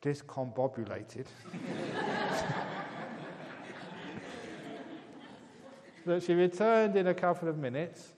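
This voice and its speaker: A man giving a calm meditation talk, speaking gently and growing softer on key words. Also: fairly high pitch, moderate pace, hardly any pauses, some chatter behind. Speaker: meditation teacher. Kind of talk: dharma talk with a joke. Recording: long hall reverb.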